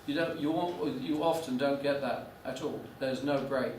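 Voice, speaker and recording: A man's voice: medium pitch, normal speed, darkish tone, a little hiss or hum. A man lecturing a class, telling a business story with many restarts and fillers. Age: 40s. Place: lecture room. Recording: echoey room, mic from a distance.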